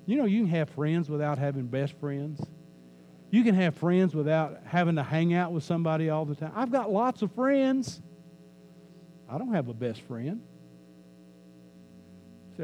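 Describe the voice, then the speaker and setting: A man's voice: on the high side, expressive, normal speed, pauses often, dark tone, a little hiss or hum. A man preaching a sermon in a church as pastor, talking conversationally, joking with the congregation and repeating key lines for emphasis.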